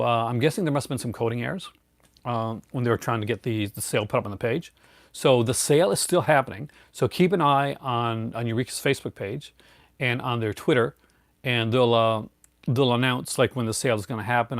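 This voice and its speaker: A man's voice: mid-range voice, dry recording. A middle-aged man hosting a casual live chat, rambling with many fillers and restarts and chuckling often. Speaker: host.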